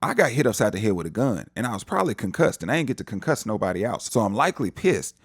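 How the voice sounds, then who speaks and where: A man's voice: fairly low pitch, slightly rough, no echo, clean studio sound. A man giving a casual recap of a TV episode in a jokey, slangy storytelling way, slipping into the characters' lines as he retells the scenes. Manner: animated, acts out characters' lines in quick asides. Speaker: TV show reviewer.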